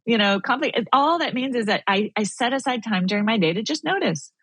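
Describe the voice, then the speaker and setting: A woman guest in a casual faith-based conversation, animated and acting out her own inner thoughts. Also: a little high, brisk, slightly rough, dry recording. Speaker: podcast guest.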